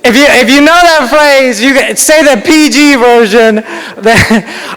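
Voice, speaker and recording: High-voiced man doing stand-up in a hall. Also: expressive, slow, a bit bright. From United States. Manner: rambling, self-deprecating, laughs at own jokes. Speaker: stand-up comedian. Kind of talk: stand-up comedy set. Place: large banquet hall. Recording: reverberant hall.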